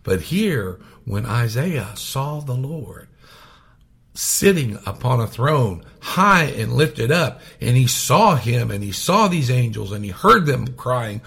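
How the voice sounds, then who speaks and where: A man preaching a sermon, swinging from loud raised passages to hushed whispers. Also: medium pitch, animated, slow, gravelly, husky.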